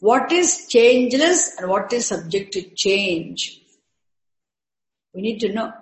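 A woman giving a spiritual lecture, slowly repeating terms and breaking Sanskrit words into parts. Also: mid-range voice, big pitch swings, reverberant, poor audio. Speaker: teacher of Sanskrit scripture. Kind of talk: slow, repetitive spiritual lecture.

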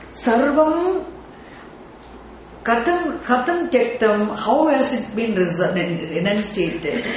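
A teacher giving a scripture class, explaining terms deliberately, checking in with the class through rhetorical questions and now and then chanting words in a sing-song way. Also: mid-range voice, slight background noise. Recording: very echoey room with faint ambience.

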